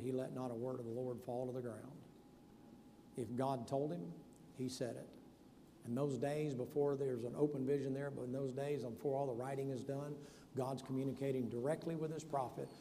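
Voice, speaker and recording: A preacher with a mellow, dark voice, telling Bible stories in a folksy, conversational way. His sermon rings with the long reverb of a big hall, with faint room ambience underneath. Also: medium pitch, slight background noise. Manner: folksy storytelling preacher, acts out Bible scenes in casual voices. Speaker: pastor.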